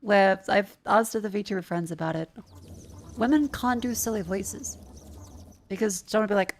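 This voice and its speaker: A woman's voice: medium pitch, normal speed, slight background noise. A woman VTuber streamer in casual chat, ranting playfully and slipping into silly voices.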